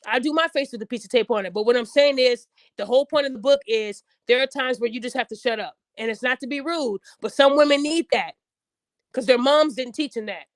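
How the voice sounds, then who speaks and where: Blunt, high-voiced woman podcast host. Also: a little fast, dry recording. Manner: blunt, outspoken, acts out quotes in raised voices. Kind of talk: casual chat.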